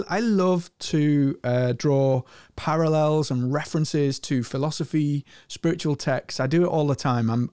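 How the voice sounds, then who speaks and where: A man with a Scottish accent hosting an energetic screen-share tutorial, talking with enthusiasm. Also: no echo, studio quality. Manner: energetic and enthusiastic, often rising in pitch. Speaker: host.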